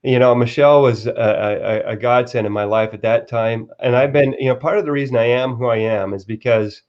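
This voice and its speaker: A man's voice: medium pitch, steady tone. Earnest man telling a story, lo-fi sound. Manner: earnest, halting with repeated restarts. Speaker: guest author. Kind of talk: storytelling in a live-stream interview.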